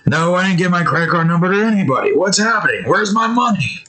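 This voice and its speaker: A man voicing a panicked male customer who talks fast and high, indignant about losing his money. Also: lively intonation, sharp tone, slight background noise. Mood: frantic. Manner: frantic, rushed and indignant.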